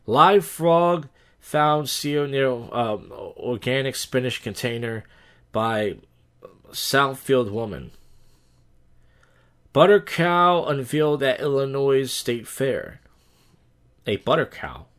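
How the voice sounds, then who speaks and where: A man hosting a loose comedy podcast at a middling pitch. He rambles through odd news headlines, tosses off deadpan jokes and stumbles over words with plenty of fillers. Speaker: podcast host. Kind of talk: casual comedic news rundown.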